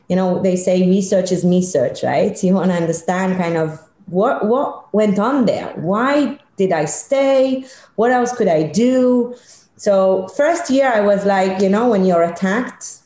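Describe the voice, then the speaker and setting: Middle-aged woman telling a story in an echoey room. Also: medium pitch. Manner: animated, emphatic storyteller. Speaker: guest, leadership consultant. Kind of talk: personal storytelling in an interview.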